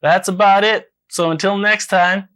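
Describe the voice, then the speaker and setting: A man hosting a mock book review segment, delivering satire in a dry, deadpan way. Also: high voice, a little slow, clean tone.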